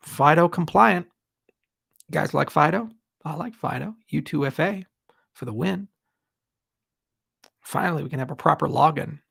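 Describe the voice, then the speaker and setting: A man's voice: a little high, moderate pace, vocal fry, long pauses, a bit bright, breathy edge, dry recording, studio quality. A man answering viewer questions on a livestream, candid and blunt with rambling asides. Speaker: tech company founder answering questions.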